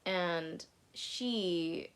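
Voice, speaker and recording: Young woman ranting a storytime vlog, lowish voice, swears a ton, says like constantly. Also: drawn-out words, clean tone. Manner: candid, swears a lot, fillers of "like". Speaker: vlogger. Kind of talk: casual storytime chat.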